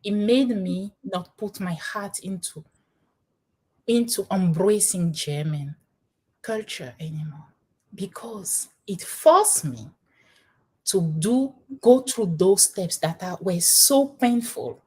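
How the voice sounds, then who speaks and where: A woman from Benin, a panel guest sharing her own story in a discussion, talking in an animated way with frequent laughs and restarts. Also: mid-range voice, slow pace, breathy edge.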